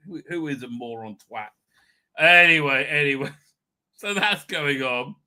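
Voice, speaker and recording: A man's voice: fairly high pitch, sharp tone. A man hosting a livestream, ranting in a heated, profane way. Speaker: host. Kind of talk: livestream commentary.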